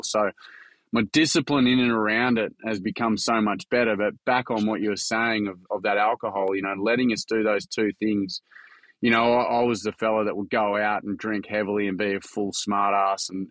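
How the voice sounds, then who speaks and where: A man's voice: fairly low pitch, a bit bright, dry recording. A young Australian man telling his own story in a casual podcast chat, earnest and frank with some swearing. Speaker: charity founder and workshop facilitator.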